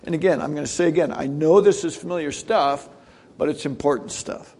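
A man's voice: on the high side, fairly quick, a little mellow, slightly rough. A middle-aged man giving a conversational sermon, full of asides and rhetorical questions to his listeners. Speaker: preacher.

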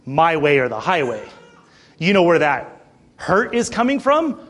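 Unhurried and a little high-pitched, a man in his thirties preaches to his congregation. He tells them a story face to face, getting animated and fired up as he goes.

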